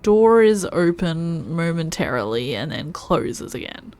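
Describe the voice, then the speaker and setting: A woman's voice: low-pitched, very animated, measured pace, darkish tone. A woman streaming a video game, thinking aloud and musing to herself as she plays. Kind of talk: casual gameplay commentary.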